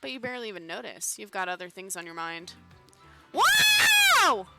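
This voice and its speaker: Bright, expressive woman streamer reading game text with dramatic flair. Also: lowish voice, fast, vocal fry, faint music behind. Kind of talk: playful game narration.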